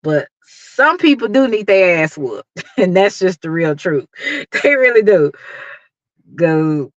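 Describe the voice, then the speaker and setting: A woman's voice: lowish voice, very animated, slow, no echo, dull audio. A middle-aged woman with a Dallas accent, giving an emphatic, preachy motivational talk to her livestream viewers and laughing often. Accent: Dallas, Texas. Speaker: YouTube livestream host.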